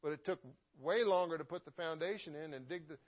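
A man's voice: fairly high pitch, fairly quick, lo-fi sound. Man preaching a casual sermon. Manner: conversational, repeats words, asks "Amen?" often. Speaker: pastor.

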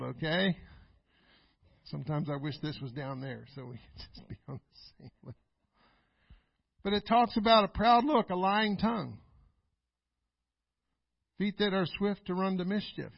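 A man pastor preaching a sermon, emphatic and repetitive, building to loud exclamations. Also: on the high side, gravelly, dry recording. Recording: dull, dry lo-fi recording.

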